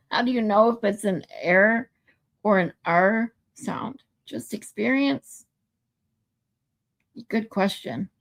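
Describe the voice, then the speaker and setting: A woman's voice: mid-range voice, slow pace, creaky, long pauses. A woman hosting a casual livestream, chatting playfully and reading viewer comments aloud. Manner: playful, tries out pronunciations. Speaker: livestream host.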